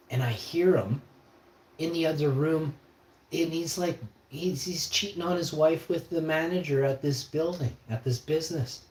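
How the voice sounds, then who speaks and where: A man's voice: medium pitch, darkish tone, slight background noise. A man hosting a livestream, telling a long, rambling story in a slangy way that often repeats itself. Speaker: livestream host. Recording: roomy echo.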